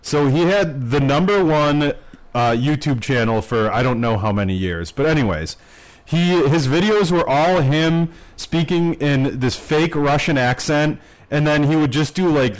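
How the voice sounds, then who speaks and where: A man's voice: on the high side, measured pace, low-quality recording. Guy rambling thru a story on a podcast, lots of um and like, swears a bunch. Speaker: podcast co-host. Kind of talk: casual chat.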